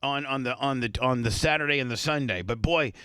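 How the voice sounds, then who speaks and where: A man's voice: mid-range voice, fairly quick, bright, forceful tone, smooth, no echo. A man hosting a radio show, chatting casually in a profane, rambling way and stammering through restarts. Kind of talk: casual studio banter.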